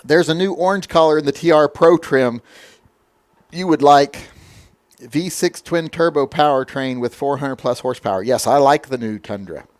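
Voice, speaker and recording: A man's voice: a little high, moderate pace, no room sound. A man hosting a casual livestream chat, answering viewer comments in a blunt, opinionated, lecturing way. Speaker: livestream host.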